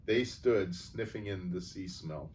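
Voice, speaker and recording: Man reading aloud, calm storyteller, far from mic, faint hiss. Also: sits low, unhurried. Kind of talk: reading a children's novel aloud. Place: church setting. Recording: distant mic, faint background noise.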